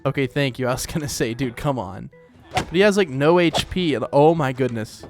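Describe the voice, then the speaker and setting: A man's voice: mid-range voice, a little fast, music in the background. A man hosting a let's play, rambling casually as he plays, with lots of fillers. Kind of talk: casual gameplay commentary.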